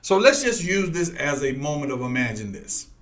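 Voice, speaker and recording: A man's voice: a little high, big pitch swings, normal speed, fairly bright tone. A man preaching to his listeners, telling personal stories and repeating his points with emphasis. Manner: emphatic, repetitive, talks straight to listeners. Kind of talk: preaching with storytelling.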